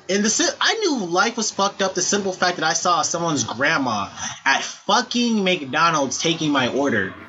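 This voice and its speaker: Blunt, profane bright-voiced man. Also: fairly high pitch. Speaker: podcast co-host. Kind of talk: casual podcast chat. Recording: dull lo-fi sound with faint background noise.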